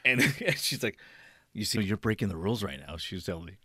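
A man's voice: lowish voice, very animated, fast, sharp tone, breathy edge, no room sound. Man telling a rambling work story. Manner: rambling, amused, acts out quoted lines. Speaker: podcast co-host. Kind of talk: casual storytelling chat.

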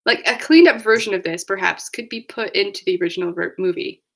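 A woman co-hosting a casual podcast chat, retelling scenes with quick laughs and playful quoted voices. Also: mid-range voice, creaky, fairly bright tone. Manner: laughing, storytelling, acts out lines in quoted voices. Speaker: podcast co-host.

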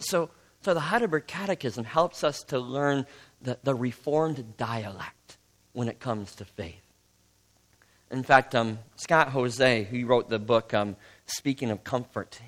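A man, a pastor giving a conversational teaching sermon and asking his congregation questions. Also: medium pitch.

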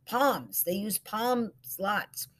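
A woman voicing Zelda, a friend woken by a phone call in the night, talking in a gruff, matter-of-fact way. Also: mid-range voice, extremely slow, fairly bright tone, pitched above the performer's own voice. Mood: grumpy.

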